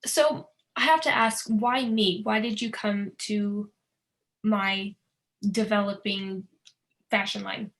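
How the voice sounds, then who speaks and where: A woman's voice: mid-range voice, fairly even intonation, slow, a bit bright. A woman student taking part in a classroom role-play over a video call, asking brief, friendly questions.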